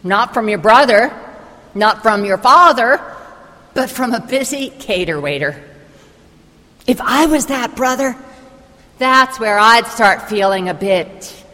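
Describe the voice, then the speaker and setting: Slow, storytelling woman preacher. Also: on the high side, animated, pushed and bright, long reverb tail. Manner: vivid storytelling, imaginative retelling. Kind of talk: sermon.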